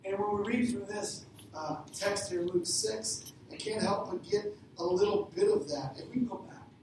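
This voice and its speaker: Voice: medium pitch, normal speed. A pastor preaching a conversational sermon who retells a story, acting out short lines for its characters. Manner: conversational, retells stories with quoted voices. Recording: very echoey hall, distant mic, noisy.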